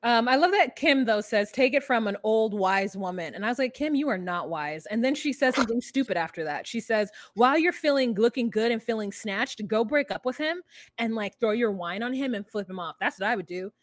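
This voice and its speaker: A woman co-hosting a podcast, recapping a reality show in casual chat, sarcastic and quick, acting out quotes from the show. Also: on the high side, animated, no room sound. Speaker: podcast co-host.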